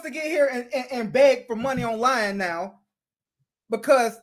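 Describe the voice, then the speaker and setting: Mid pitch commentator roasting a clip, swears a lot, super scornful and blunt. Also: moderate pace. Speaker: commentator reacting to a video. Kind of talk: mocking reaction commentary.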